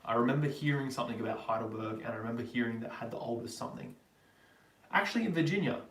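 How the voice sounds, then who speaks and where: An Australian man, at home in Germany, casually runs a live Q&A stream, reading each viewer's question aloud and then rambling into answers full of ums. He talks fast in an ordinary mid-range voice that's a bit bright. The roomy sound comes from a somewhat distant mic, with slight background noise.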